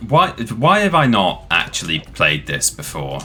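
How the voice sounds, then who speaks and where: Deep-voiced, chatty gaming streamer man. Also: wildly swooping pitch, unhurried, sharp tone. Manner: chatty, rambling, enthusiastic. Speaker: streamer host. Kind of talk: live gameplay commentary. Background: faint game music.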